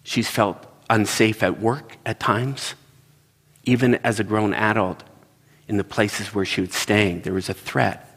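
A middle-aged pastor with a lowish, husky voice speaks unhurriedly in a large hall. Preaching in a church, he tells personal stories as an animated storyteller, acting out the voices and quotes in them.

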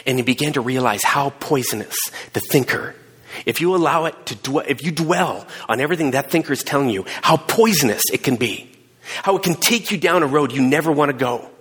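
Middle-aged man, pastor preaching, husky voice, long hall reverb, storytelling, hushed then emphatic. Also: mid-range voice, lively intonation, fairly quick. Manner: personal storytelling, emphatic, swings between hushed and raised. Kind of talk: sermon.

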